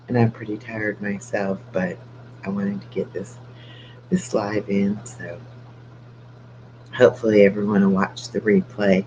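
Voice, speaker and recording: A man's voice: fairly low pitch, level tone, measured pace, long pauses. An older man chatting casually on a late-night live stream with his dog, keeping his voice down so he won't wake the house. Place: home at night. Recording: dull lo-fi with faint hum.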